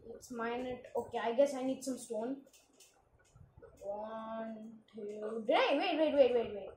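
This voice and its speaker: A woman with a high voice rattles off casual commentary as she plays, jumpy and quick to exclaim. Her voice bounces around a roomy, echoey space with a faint hiss underneath. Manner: excitable, frequent exclamations. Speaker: gaming channel host.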